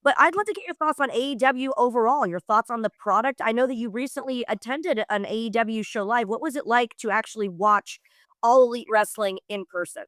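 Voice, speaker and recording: Woman podcast host, chatty, slightly high voice, dry close mic. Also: a little fast, fairly bright tone, dry recording. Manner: chatty, affirming interjections. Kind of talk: casual interview chat.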